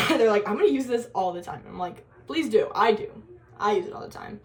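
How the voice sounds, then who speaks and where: A woman's voice: medium pitch, animated, moderate pace. A young woman telling a story in a casual college vlog, chatty and giggly, full of fillers and quoted asides. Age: young adult. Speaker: college vlogger.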